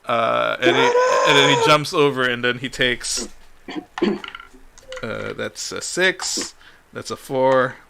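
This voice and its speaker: A man running a tabletop game as dungeon master, halting and full of "uh"s as he checks the rules. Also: mid-range voice, animated, creaky, noisy background. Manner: halting, fills pauses with "uh", laughs along.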